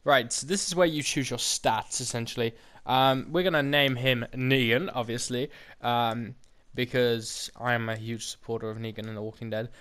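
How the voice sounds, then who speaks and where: Rambling young gamer. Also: male voice, mid-range voice, fairly even intonation, moderate pace, hardly any pauses, fairly bright tone, clear, resonant tone. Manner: rambling, many "um"s, explains game mechanics. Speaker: gaming YouTuber. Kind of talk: casual let's play commentary.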